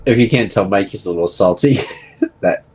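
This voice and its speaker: A man's voice: fairly low pitch, darkish tone, a little hiss or hum, poor audio. A man co-hosting a casual sports podcast, cracking jokes and laughing easily. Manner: joking, quick to laugh. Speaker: podcast co-host.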